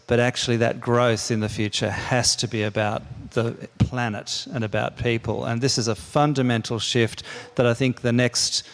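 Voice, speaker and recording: A man's voice: medium pitch, little pitch movement, moderate pace, few pauses. Earnest older man in a reverberant hall. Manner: earnest and pleading, with repeated words and restarts. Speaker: keynote speaker. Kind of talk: conference speech.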